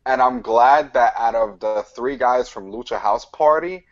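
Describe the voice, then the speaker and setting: A man's voice: medium pitch, unhurried, dull audio. A man co-hosting a casual wrestling podcast, enthusiastic as he gives his opinions. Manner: enthusiastic, ranks and opines. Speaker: podcast co-host. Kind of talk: casual wrestling review chat.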